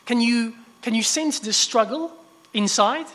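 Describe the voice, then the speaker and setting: A man preaching a sermon in a church hall, casual and conversational, often restarting his phrases. His voice sits high for a man, and the hall lends it a long, lingering reverb. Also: measured pace. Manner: conversational, many restarts, animated asides.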